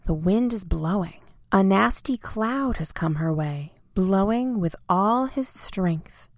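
Slow, expressive woman reading a storybook. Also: mid-range voice, no room sound, studio quality. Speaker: narrator. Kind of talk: bedtime storybook narration.

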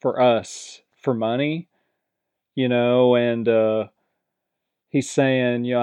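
A man's voice: medium pitch, fairly even intonation, slow pace, pauses often, a little mellow, clear, resonant tone, dry recording, dull audio. A man casually recapping a reality show episode, rambling with lots of fillers and acting out quoted lines.

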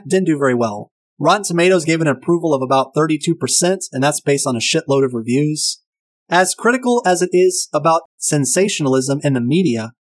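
A man casually retelling and reviewing a crime film, enthusiastic and profane. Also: a little high.

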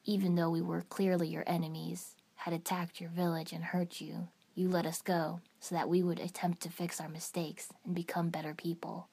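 A woman doing a rasping, hushed solemn boy. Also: on the low side, flat delivery, moderate pace, hardly any pauses. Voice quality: raspy, hushed near-whisper. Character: quiet rasping teenage boy, grave and solemn. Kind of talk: fan fiction audiobook reading.

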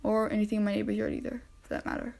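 A woman's voice: mid-range voice, completely flat delivery, racing, creaky, warm tone. A young woman hosting a casual solo podcast from home, chatting and narrating the animals she spots through her window, easily distracted and talking to them directly. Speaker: podcast host. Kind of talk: casual solo chat narrating backyard wildlife.

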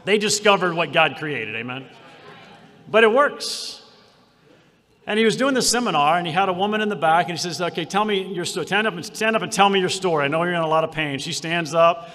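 A man preaching a sermon, moving from quiet storytelling to shouted declarations. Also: high-pitched, expressive, fairly quick, long reverb tail. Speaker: pastor. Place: conference hall.

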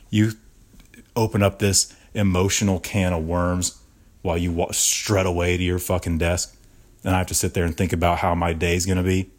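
Low-voiced man on a profane comic rant. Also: little pitch movement, moderate pace. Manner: profane, exaggerated mock-outrage, swears constantly. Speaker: podcast host. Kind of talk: comedic podcast rant.

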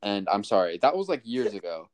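A young man co-hosting a podcast in casual chat, animated and jokey, venting and laughing. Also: lowish voice, a little fast. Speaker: podcast co-host.

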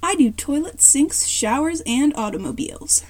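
A woman's voice: sits high, lively intonation, moderate pace, darkish tone, a little hiss or hum, pitched above the performer's own voice. A woman voicing a blunt, scrappy six-year-old tomboy girl who fixes things.

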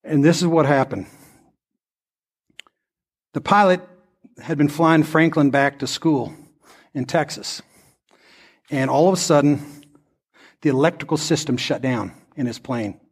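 A man's voice: a little high, unhurried, long pauses, breathy edge. A male pastor preaching a sermon that builds into an impassioned altar-call prayer. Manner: impassioned, rising to fervent prayer.

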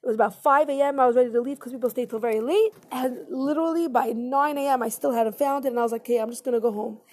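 A woman with a high voice tells a personal story straight to her viewers. She speaks earnestly and emotionally, in a loose, conversational way. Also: quick pace, a little mellow. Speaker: vlogger.

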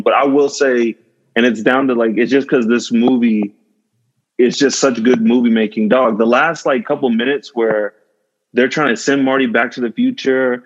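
A man hosts a podcast in easygoing chat, with a mid-pitched voice. He talks enthusiastically, piling on fillers. The recording sounds a little dull and lo-fi. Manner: enthusiastic, laughing, full of fillers and "like". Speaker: podcast host. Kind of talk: casual chat.

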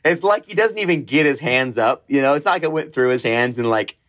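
A man's voice: mid-range voice, lively intonation, a bit bright. Laughing, swearing sports podcast guy. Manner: laughs often, swears, quick storytelling asides. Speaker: podcast co-host. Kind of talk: casual sports chat.

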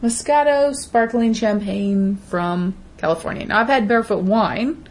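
A woman's voice: medium pitch, measured pace. A woman co-hosting a podcast, ranting bluntly and emphatically in casual chat, with frequent swearing. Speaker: podcast co-host.

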